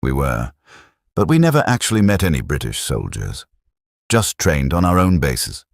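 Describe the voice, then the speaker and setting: A man voicing a quiet hesitant GI. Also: a bass voice, big pitch swings, moderate pace, creaky, no echo, studio quality, heavily acted. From Virginia. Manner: short, hesitant replies. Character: quiet young American soldier, unsure.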